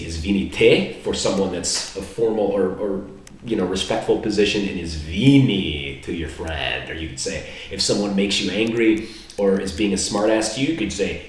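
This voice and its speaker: A man from the United States giving a casual, rambling vlog lesson on basic phrases, slowing down to spell out foreign words. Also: low voice, a little hiss or hum. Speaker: language learner teaching basic phrases. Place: indoor room in Serbia. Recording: very echoey room, mic far off.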